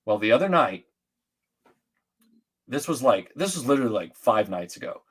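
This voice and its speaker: Speaking at medium pitch and normal speed with a slightly rough edge, a middle-aged Atlanta man tells stories as a guest in casual chat. His delivery rambles animatedly, packed with restarts and fillers.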